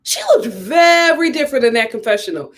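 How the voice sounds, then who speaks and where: A woman's voice: a little high, expressive, fairly quick. A young woman giving a casual, sassy recap of a reality TV episode, often talking straight to the people on screen. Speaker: reality TV reviewer.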